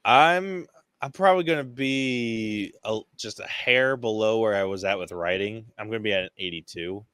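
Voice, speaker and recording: Excitable man gushing over a movie. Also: fairly low pitch, moderate pace, clean tone, dry recording. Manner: excitable, swears often, acts out scenes in quoted voices. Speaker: podcast co-host. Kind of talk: casual movie review chat.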